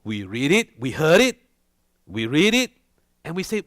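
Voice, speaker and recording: A man preaching a sermon to a church congregation, animated and often checking in with his listeners. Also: fairly high pitch, unhurried, pauses often, dry recording, clean studio sound. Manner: animated, asks the congregation questions. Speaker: pastor.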